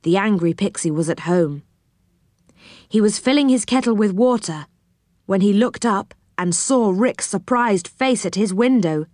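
A woman narrating a children's storybook in a gentle, expressive manner. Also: mid-range voice, no echo, studio quality.

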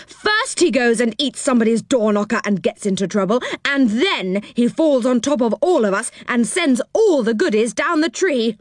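A woman's voice: on the high side, lively intonation, normal speed, few pauses, no echo, studio quality, voice pushed up, lightly acted. A woman voicing a timid, gloomy male storybook friend who talks plaintively. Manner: plaintive, whining.

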